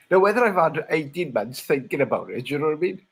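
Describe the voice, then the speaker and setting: A man's voice: fairly high pitch, sing-song, brisk, slightly rough. A man in a band chatting on a podcast, stammering at the start of his sentences. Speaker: band member co-hosting a podcast. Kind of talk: casual chat.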